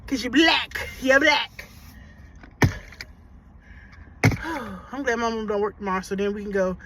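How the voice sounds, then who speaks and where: A woman vlogging casually to her viewers, loud and profane and laughing often, talking about being a mother. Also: a little high, slow. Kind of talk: casual vlog chat. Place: outdoors and in a car. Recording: noisy background.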